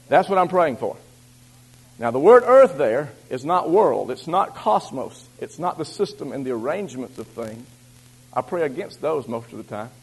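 Male preacher, sermon, husky voice, high pitch, loud rallying bursts, then quiet asides. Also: rough recording. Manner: swings from loud exhortation to low confiding asides.

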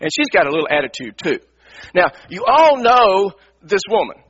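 A middle-aged man, a pastor, telling a personal story in a sermon, animated and repeating himself as he acts out his frustration. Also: sits high, moderate pace, breathy edge. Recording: dull lo-fi radio broadcast.

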